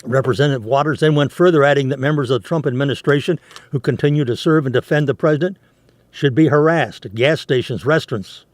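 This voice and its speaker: A man delivers commentary on news stories, reading passages aloud and breaking off for sharp asides. His pitch sits in an ordinary middle range. The recording is dry and close, with no room sound. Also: quick pace, no echo. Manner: indignant, reads quotes aloud with restarts and asides. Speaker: commentary host.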